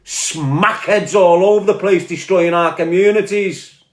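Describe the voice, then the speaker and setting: A man's voice: high-pitched, a little slow, reverberant. A man with a Scouse accent from Liverpool, delivering an angry, profane, confrontational rant to camera. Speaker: online commentator.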